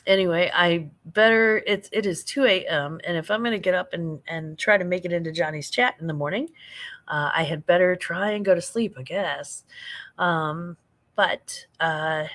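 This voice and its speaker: A woman's voice: lowish voice, normal speed, fairly bright tone. A middle-aged woman hosting a late-night livestream, chatting in a rambling way, laughing often and reading out viewer comments. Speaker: livestream host.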